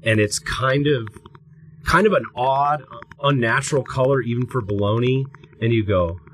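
A man's voice: mid-range voice, moderate pace, a bit bright, a little hiss or hum, low-quality recording. A man co-hosting a podcast, telling a long story in a casual, rambling, profane way and acting out what people said. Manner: rambling, profane, acts out quotes. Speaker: podcast co-host.

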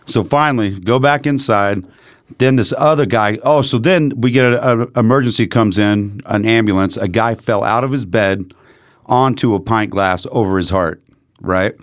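A man's voice: fairly low pitch, moderate pace, no room sound, clean studio sound. A man telling profane stories in casual chat, acting out what people said. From United States. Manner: profane, animated storyteller acting out quotes. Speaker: podcast guest. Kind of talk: casual storytelling.

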